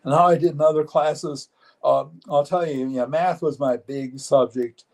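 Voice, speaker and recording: Mellow-voiced man in his seventies, halting. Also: fairly high pitch, steady tone, rough recording. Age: 70s. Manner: earnest, matter-of-fact, halting with frequent restarts. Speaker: interview guest. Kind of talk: live-streamed personal interview.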